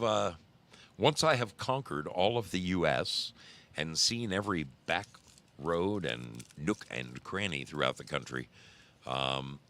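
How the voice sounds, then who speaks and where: A man in his sixties hosting a casual live stream, greeting viewers and telling rambling road stories. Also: low voice. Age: 60s. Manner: rambling storyteller, greets chat viewers warmly by name. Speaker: livestream host.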